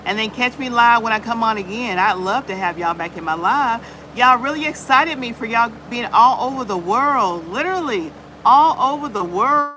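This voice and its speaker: A woman's voice: on the high side, animated, moderate pace, background noise. A woman hosting a casual live chat on her channel, greeting viewers by name and peppering her talk with "y'all". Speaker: livestream host.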